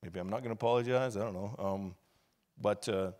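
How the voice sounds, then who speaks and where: A man's voice: lowish voice, fairly quick. Fervent storytelling pastor, a man. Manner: storytelling, grows loud and fervent, acts out quoted shouts; casual and confessional, with laughs and sighs. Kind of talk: sermon.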